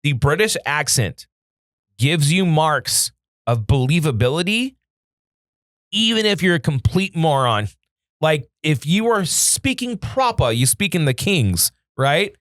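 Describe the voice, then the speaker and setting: A young man hosting a podcast, with a lively, swinging pitch and a jokey, loose way of talking. The studio sound is dry and close to the mic. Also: unhurried, dry recording. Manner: lively, jokey, swears casually. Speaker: podcast host. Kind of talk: casual chat.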